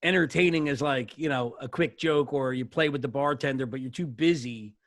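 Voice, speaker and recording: A man, a bartender telling stories on a podcast, animated and cursing freely. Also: medium pitch, a little fast, no echo, clean studio sound. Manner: animated storyteller, swears often. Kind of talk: casual podcast chat. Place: podcast studio.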